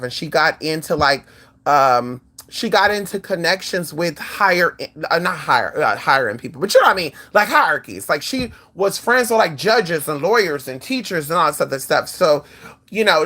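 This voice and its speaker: A vlog host talks straight to viewers in a loose, sassy way, with a mid-pitched voice that leaps high and drops low. The speech is frank and salty, with "girl" and "honey" tossed in all the time. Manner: sassy and animated, swinging pitch often; frank and profane. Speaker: channel host. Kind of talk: casual talk to viewers.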